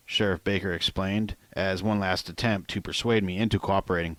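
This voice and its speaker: A man reading his own novel aloud in first person, in a plain, unhurried way with occasional asides to the listener. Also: low voice, fairly even intonation, fairly bright tone, no room sound. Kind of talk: first-person audiobook narration.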